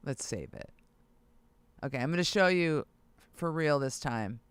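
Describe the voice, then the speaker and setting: Producer vlogger, excitable self-talk, animated pitch, smooth clear tone. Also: unhurried, dry recording. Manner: excitable, talks to self while browsing listings. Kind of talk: casual vlog talk to camera.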